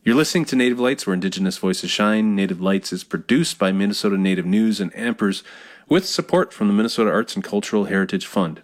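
A man hosting a radio show, reading a smooth introduction and then chatting with his guest. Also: fairly low pitch, quick pace.

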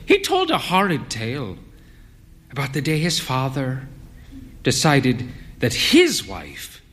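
Male narrator, unhurried, lively in pitch, dry wit. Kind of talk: literary fiction reading.

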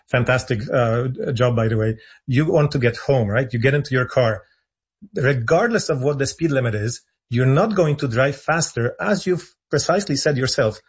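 Husky-voiced male advocate, pushy, repeats himself; muffled lo-fi line. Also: mid-range voice. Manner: insistent, argumentative, repeats points for emphasis. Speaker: guest, founder of an advocacy group. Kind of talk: radio call-in interview.

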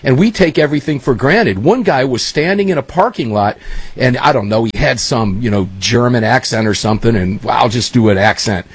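A man's voice: medium pitch, a little fast, breathy edge, no room sound. A man hosting a talk show, chatting casually and rambling through stories. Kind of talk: casual chat.

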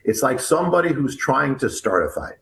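A man who is an author and guest, telling a story about himself in an animated, halting way, with many restarts and repeated words. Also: mid-range voice, vocal fry, slight background noise. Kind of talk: animated first-person storytelling. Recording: echoey room.

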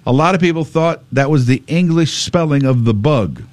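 Animated chatty male radio host. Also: fairly high pitch, moderate pace, no echo. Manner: chatty, jokey, animated delivery. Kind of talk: casual morning radio banter.

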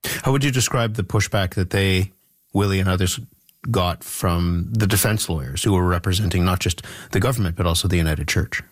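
Low-voiced male interviewer. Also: dry recording, studio quality. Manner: measured questions with small restarts. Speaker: interviewer host. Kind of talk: radio interview.

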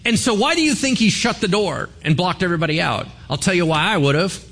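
A man's voice: sits high, expressive, quick pace, fairly bright tone. A man, a pastor, giving a sermon in a conversational, joking way, often asking the congregation questions.

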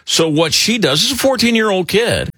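A middle-aged man hosting talk radio, rambling and animated with lots of fillers. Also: high voice, normal speed, husky, no room sound, studio quality. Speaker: radio talk show host. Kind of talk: casual talk radio banter.

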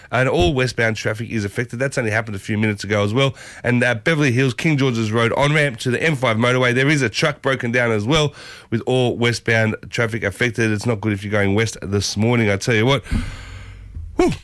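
A man in his thirties with an Australian accent, hosting a breakfast radio show in a playful, exuberant way, a little husky from a sore throat. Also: mid-range voice, fairly quick, a bit bright, no echo, clean studio sound. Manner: exuberant, playful, jokey catchphrases. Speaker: radio host. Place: community radio studio. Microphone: studio microphone.

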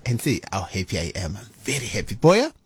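A man presenting a live radio show, gushing and quick to laugh. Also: lowish voice, huge pitch swings, slightly rough. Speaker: radio host.

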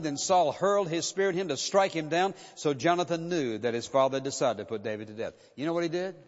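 A man preaching a sermon, reading verses aloud and then turning to ask his congregation pointed questions. His voice sits a little high for a man. It comes through dull and lo-fi, with a long reverb trailing off in a big church sanctuary. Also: fairly quick, hardly any pauses. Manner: expository preaching, reads scripture then challenges hearers.

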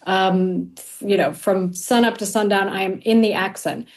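Female dialect coach, clear and explanatory, mid-pitched. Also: fairly even intonation, normal speed. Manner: articulate, explanatory, some fillers. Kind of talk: interview answers.

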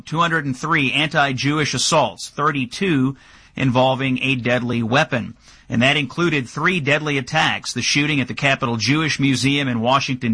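A man hosting a talk show delivers crisp, scripted lines at a brisk clip. His tone is bright and forward, with a husky edge. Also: mid-range voice. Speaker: host.

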